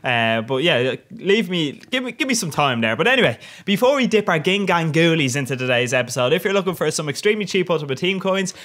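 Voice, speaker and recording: A man's voice: on the high side, sing-song, fast talker, few pauses, a bit bright. A young man giving cheeky, sweary commentary over his own gameplay, laughing often. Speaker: gaming commentator.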